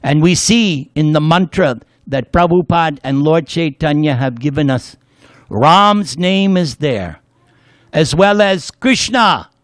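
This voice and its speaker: A spiritual lecturer gives a devotional class, playfully telling stories with jokes and leading the audience in call-and-response chanting. His voice is a little high and animated, and he takes it slowly. The sound is clean studio quality with no echo.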